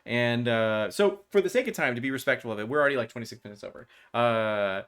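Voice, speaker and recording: A man's voice: medium pitch, expressive, quick pace, a bit bright, clean tone. Man narrating a tabletop game. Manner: loose, filler-heavy narration. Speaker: game master.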